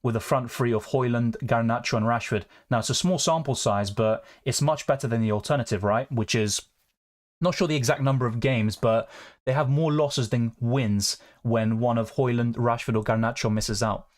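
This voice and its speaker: A man's voice: mid-range voice, normal speed. Casual man streaming live. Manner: casual, chatty, reads out viewer comments. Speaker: fantasy football streamer.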